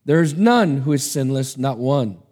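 A man's voice: mid-range voice, lively intonation, moderate pace, dark tone, natural voice. A man preacher reading the lines of Satan, a scheming, defiant fallen angel, in an emphatic, taunting way. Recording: long hall reverb.

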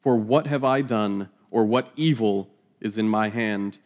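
A man's voice: fairly low pitch, measured pace, a little mellow. A man reading scripture aloud and teaching it verse by verse, in a casual, joking manner with laughing asides. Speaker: Bible teacher.

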